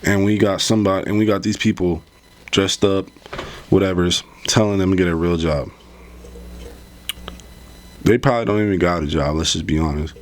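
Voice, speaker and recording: A man's voice: low-pitched, steady tone, moderate pace, long pauses. A man hosting a commentary vlog, talking in a rambling, conversational way and calling his viewers "bro". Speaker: political commentary vlogger.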